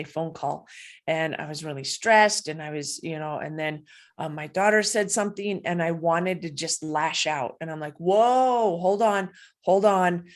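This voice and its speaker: A middle-aged woman coach answering interview questions, earnest and animated, telling personal stories with light laughs. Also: lowish voice. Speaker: guest, coach and speaker.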